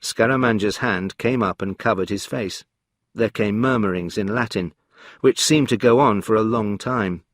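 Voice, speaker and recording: Calm, measured male narrator. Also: fairly low pitch, dry recording, studio quality. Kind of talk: scripted story narration for learners.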